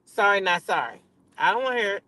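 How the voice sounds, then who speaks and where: Woman commentator, AAVE, ranting in her car, blunt, foul-mouthed, animated. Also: medium pitch, fast, no echo. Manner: blunt, profane, animated, talks back to chat. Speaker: reality TV commentator. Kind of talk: casual rant to viewers. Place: in a car at a drive-through.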